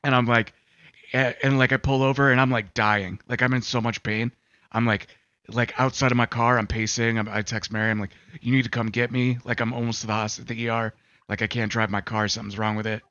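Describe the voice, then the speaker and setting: Bright-voiced man telling a story. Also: mid-range voice, little pitch movement, a little fast, no room sound. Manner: rambling, filler-heavy, acts out quotes. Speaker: podcast co-host. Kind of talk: casual chat and storytelling. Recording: slightly dull sound with faint music.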